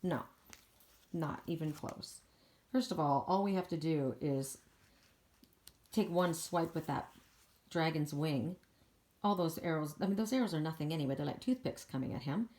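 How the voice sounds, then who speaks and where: A self-assured warrior woman who rides a dragon, as a woman speaks for her in an oracle card reading. She scoffs at threats and stays defiant in a lowish voice. She sounds entirely unbothered. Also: normal speed, pauses often, a little mellow, lightly acted. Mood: scoffing.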